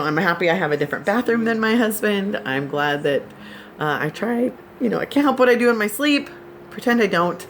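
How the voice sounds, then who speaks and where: A woman's voice: mid-range voice, a bit bright, a little hiss or hum. Giggly woman chatting to her subscribers. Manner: giggly, laughs often while telling stories. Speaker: vlogger. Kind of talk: casual chat to subscribers.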